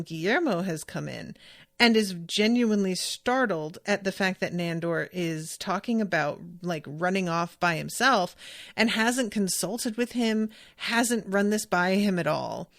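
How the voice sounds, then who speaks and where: In a dry, studio-quality recording, a podcast host talks through a TV episode in relaxed conversation. Her mid-range voice is expressive, fairly bright and measured in pace, and she rambles, quotes scenes and corrects herself.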